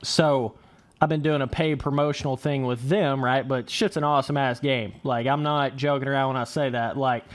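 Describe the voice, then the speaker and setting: A young man giving casual, rambling livestream commentary while playing a game, swearing freely. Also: on the high side. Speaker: gaming livestreamer.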